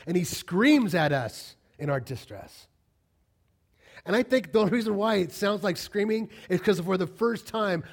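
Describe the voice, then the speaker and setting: Passionate pastor preaching, casual to fervent. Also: male voice, on the high side. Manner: conversational and emphatic, building to loud passionate peaks. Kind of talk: sermon. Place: church.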